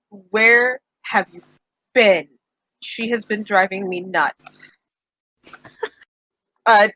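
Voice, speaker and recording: A woman narrating as game master of a tabletop game, relaxed, with lots of fillers. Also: lowish voice, muffled recording. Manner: relaxed, with many fillers and "kinda".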